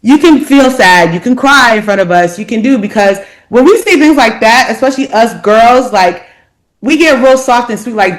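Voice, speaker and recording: A woman on a podcast panel, speaking casually in a halting way and leaning heavily on filler words. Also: on the high side, lively intonation. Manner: halting, heavy use of "like" fillers.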